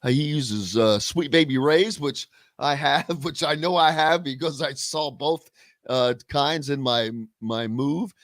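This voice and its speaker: A man's voice: fairly high pitch, measured pace, fairly bright tone, dry recording. A man hosting a casual sports talk radio show, chatting and reading listener comments aloud.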